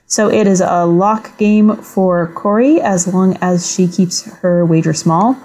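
Podcast co-host, woman, careful, measured recap voice. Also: fairly low pitch, dark tone. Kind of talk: casual podcast chat, reading quiz clues aloud.

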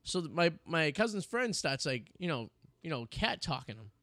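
A man in his thirties, a podcast host, winds through long stories with plenty of stops and restarts. His voice sits a little high for a man. The studio sound is close and dry, with no room echo. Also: very animated, normal speed, a bit bright. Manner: rambling storyteller, many restarts and fillers. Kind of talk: casual chat. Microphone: studio mic.

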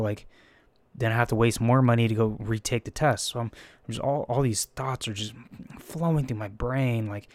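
A man's voice: medium pitch, no room sound. A young man from the Bay Area telling a story in a casual, rambling way, swearing often, laughing at himself and acting out his own panicked thoughts. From San Francisco Bay Area.

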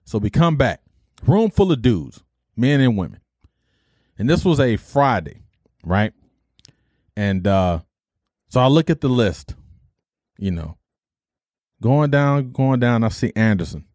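Speaking slowly with frequent pauses in a mid-range voice, a middle-aged army veteran from Detroit, USA, casually shares his life story. The studio-quality recording has no room sound, and his animated retelling features acted-out dialogue and mild cursing substitutes.

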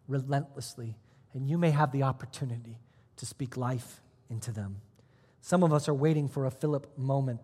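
A man pastor preaching a sermon, telling a personal story with sudden swings between hushed, almost whispered lines and loud, emphatic ones. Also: mid-range voice, breathy edge, in a large hall. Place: church auditorium.

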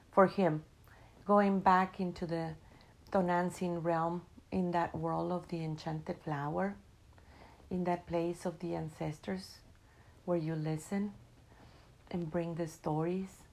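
A woman telling a spiritual story in a reflective, unhurried way, in English that is not her first language. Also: lowish voice, darkish tone, poor audio. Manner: unhurried, reflective, non-native English grammar.

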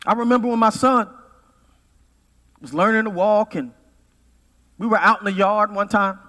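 Give me a high-pitched male pastor in his forties preaching in a reverberant hall. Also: normal speed. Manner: preaching with sudden loud peaks and quiet drops. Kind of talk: sermon.

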